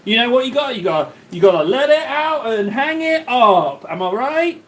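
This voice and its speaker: Chatty man, high lively voice. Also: normal speed, a little hiss or hum. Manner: rambling, jokey, chatty, talks to chat directly. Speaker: livestream host. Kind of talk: casual live-stream chat with viewers.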